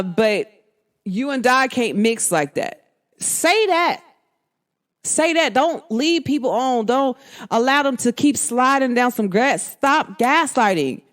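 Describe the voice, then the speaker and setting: A woman with a somewhat high voice speaks slowly as a podcast host, giving a candid monologue to her listeners. She's expressive and frank, uses casual slang, and acts out bits of remembered dialogue.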